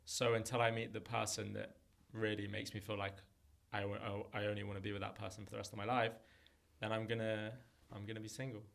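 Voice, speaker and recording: Brief: thirties man, comedian guest, low gravelly voice with a tense edge, animated and jokey. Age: 30s. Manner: animated, jokey, quick to laugh. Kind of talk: casual podcast chat.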